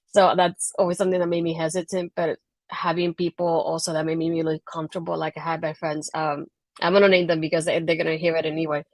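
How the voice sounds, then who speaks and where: A woman with a Puerto Rican accent giving steady, earnest advice as a guest on a video call interview. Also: low voice, fast talker, no room sound. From Puerto Rico. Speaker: guest, wrestling blogger. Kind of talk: casual interview answer.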